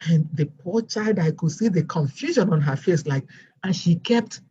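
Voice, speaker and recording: A woman with a non-American English accent, telling her story as a guest teacher in a lively storytelling way. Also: fairly low pitch, normal speed, slightly rough, muffled recording. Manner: animated storyteller, acts out quoted voices. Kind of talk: storytelling interview chat.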